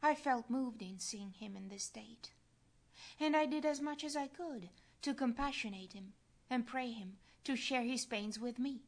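A woman reads a devotional text aloud at a very slow, measured pace. Her voice sits somewhat high, and her delivery stays solemn and earnest throughout. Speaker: reader. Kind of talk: devotional reading.

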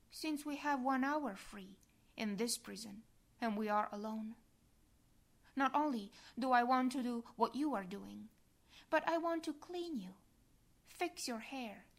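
Woman narrator for a devotional reading, unhurried and hushed, at times near a whisper. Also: fairly high pitch. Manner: slow, soft, prayerful, sometimes whispered.

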